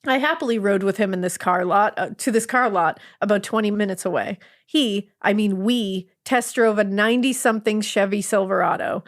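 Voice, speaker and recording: A woman's voice: mid-range voice, moderate pace, hardly any pauses. A woman podcast co-host reading a listener's story aloud in a sarcastic, swearing, laugh-prone way. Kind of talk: casual storytelling read-aloud.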